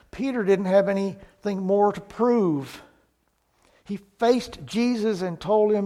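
A man with a fairly high voice delivers a sermon at a slow, deliberate pace. He sounds earnest and lets his volume swell on the lines he wants to land. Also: dark tone. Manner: slow, earnest, rises in volume on key points. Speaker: preacher.

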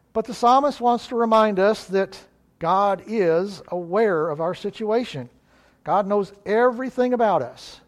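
A man preaching a sermon, earnest, rising in emphasis and slowing down on key phrases. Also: high voice.

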